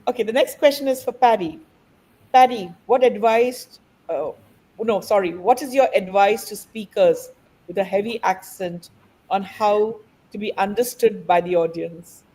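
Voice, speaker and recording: A woman's voice: mid-range voice, a little slow, mellow, breathy edge, rough recording. A woman moderating a webinar panel, politely reading out audience questions.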